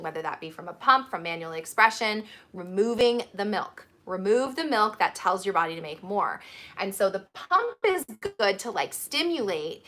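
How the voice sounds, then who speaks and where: A woman's voice: mid-range voice, bright, forceful tone. A woman hosting a casual advice chat on breastfeeding support, chatty and instructive, laughing often. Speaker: lactation support host.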